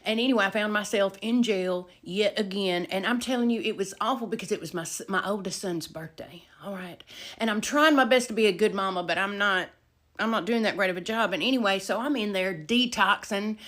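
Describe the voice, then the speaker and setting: A middle-aged woman telling a casual storytime, animated, with loud emphasis and hushed asides. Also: medium pitch, brisk.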